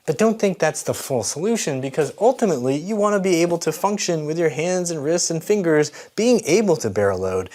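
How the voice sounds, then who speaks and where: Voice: medium pitch, darkish tone. Patient, encouraging fitness coach. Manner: patient, encouraging, explains step by step. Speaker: fitness coach and channel host. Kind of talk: exercise instruction to camera.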